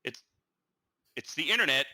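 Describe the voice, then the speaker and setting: Bright-voiced stammering man rambling. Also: on the high side, moderate pace, low-quality recording. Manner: rambling, stammering, animated retelling. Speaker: podcast co-host. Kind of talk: casual chat.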